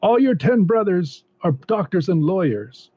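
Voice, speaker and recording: A man in his own stand-up set voicing a disapproving, nagging old mother in a high, scolding falsetto, on a dull lo-fi recording. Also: very animated, unhurried, no room sound, exaggerated voice.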